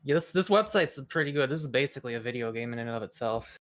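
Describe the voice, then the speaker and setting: Streamer, mid pitch, rambling and stammering casual reader, breaks into a mock news-anchor read. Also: lively intonation, fast talker, fairly bright tone. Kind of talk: casual chat, reading quizzes aloud.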